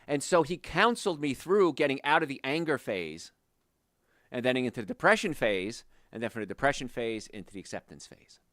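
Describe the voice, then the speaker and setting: Animated man giving health advice. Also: mid-range voice, a little fast, dry recording, clean studio sound. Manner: emphatic, animated, speaks directly to listeners. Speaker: health show host. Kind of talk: motivational health talk.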